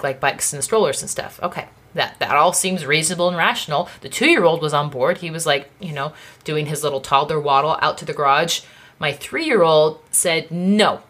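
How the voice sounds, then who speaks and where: A woman's voice: sits low, a bit bright. A woman in her thirties, a contracts advisor, talking in a casual teaching monologue and tagging her points with "okay?". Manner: chatty, repeats "okay?" after points. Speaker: contracts advisor for small businesses. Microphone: phone.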